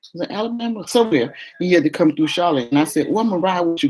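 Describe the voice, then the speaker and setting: A woman's voice: fast, slight background noise. Woman vlogger, casual storyteller who performs every quote. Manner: animated, acts out quoted voices with raised pitch.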